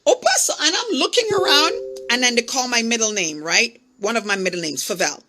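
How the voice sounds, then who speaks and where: A woman hosting a podcast, telling a personal story in an animated way and speaking straight to her listeners. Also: a little high, brisk, noisy background. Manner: animated, acts out the voices in her stories. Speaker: podcast host. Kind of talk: personal storytelling, coaching talk.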